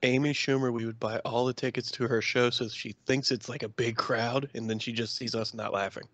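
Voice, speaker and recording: A man's voice: medium pitch, little pitch movement, fairly quick, a bit bright, dry recording. A man co-hosting a podcast, throwing in blunt, wisecracking remarks during crude banter. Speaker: podcast co-host.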